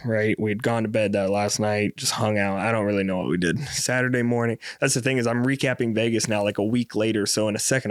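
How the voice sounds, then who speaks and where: A man's voice: fairly low pitch, smooth, dry recording. Young male podcaster, casual rambling story, clean resonant voice. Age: 20s. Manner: rambling, profane, animated storyteller. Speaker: podcast host.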